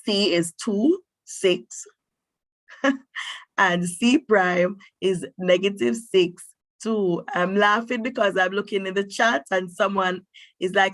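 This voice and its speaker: A woman teacher leads an online maths class in an encouraging way, pausing to think aloud with long hmms. She speaks at a middle pitch, and the sound is close and dry with no room echo. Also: a bit bright. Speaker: mathematics teacher.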